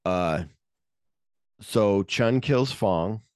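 A man's voice: fairly low pitch, drawn-out words, clear, resonant tone, dry recording, studio quality. A man co-hosting a podcast, recapping a movie in casual profane chat and acting out the scenes in quoted voices. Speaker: podcast co-host.

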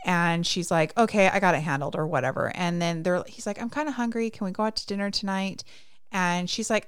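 A woman's voice: mid-range voice, expressive, brisk, clean tone. A woman in casual chat, retelling a movie's scenes with many fillers like "like" and "you know". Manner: chatty, lots of "like" and "you know".

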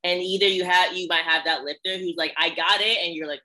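A woman's voice: lowish voice, steady tone, fast talker, hardly any pauses, sharp tone, rough recording. A woman hosting a podcast, asking questions in a casual way and often saying "like". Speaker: podcast host. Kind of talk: casual interview chat.

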